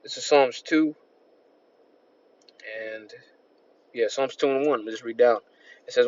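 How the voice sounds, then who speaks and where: A man's voice: mid-range voice, a little slow, pauses often, dull audio. A man preaching an informal sermon, reading scripture and rambling with constant "man" and "all right" fillers. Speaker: street-style preacher.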